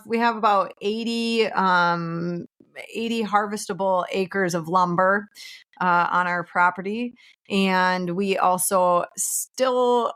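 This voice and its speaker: A woman's voice: mid-range voice, fairly bright tone. A woman from small-town Minnesota with a Minnesotan accent, a realtor chatting as an interview guest in a friendly, storytelling way. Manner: friendly, storytelling, laughs easily. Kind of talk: casual interview chat.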